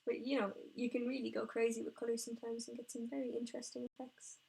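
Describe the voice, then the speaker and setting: A woman who paints miniatures and streams it, chatting casually and excitably, rambling and talking to herself as she works at her painting desk. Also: on the high side, fast talker, gravelly, husky. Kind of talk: casual live-stream chat while painting.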